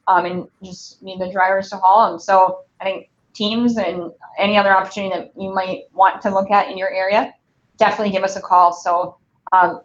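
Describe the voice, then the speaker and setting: Midwest lady recruiter, upbeat q&a chat, lots of ums, kinda dull lo-fi audio. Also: mid-range voice. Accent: Midwestern American. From Wisconsin. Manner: upbeat, chatty, many fillers. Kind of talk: live Q&A stream.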